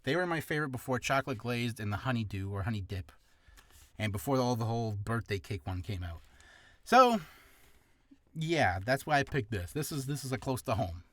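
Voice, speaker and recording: Man, chatty vlogger, animated voice, dry close sound, self-mocking. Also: medium pitch, a little fast, no room sound. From Canada. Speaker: voice actor vlogger. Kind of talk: casual vlog about reading practice.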